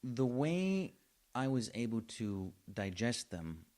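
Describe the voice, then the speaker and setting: A man's voice: medium pitch, very animated, takes it slowly, darkish tone. A man co-hosting a podcast, chatting casually with wry jokes. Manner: wry, joking. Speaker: podcast co-host. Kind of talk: casual chat.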